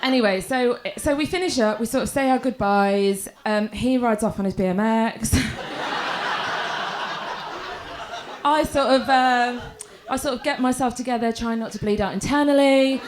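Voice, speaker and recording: Young woman, stand-up comic, crude self-mocking, slightly high pitch, club stage mic. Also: normal speed, few pauses, noisy background. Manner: chatty, crude, self-mocking storytelling with frequent "right?" tags. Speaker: stand-up comedian. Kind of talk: stand-up comedy set.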